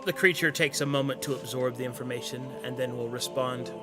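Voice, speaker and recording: A man acting as game master, describing a creature in a slow, detailed way over background music. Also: medium pitch, steady tone. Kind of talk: narrating a tabletop game.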